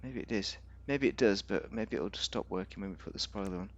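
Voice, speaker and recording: A man's voice: fairly low pitch, brisk, lo-fi sound. A man giving rambling, casual commentary on a game, thinking aloud with fillers and restarts. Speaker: game reviewer.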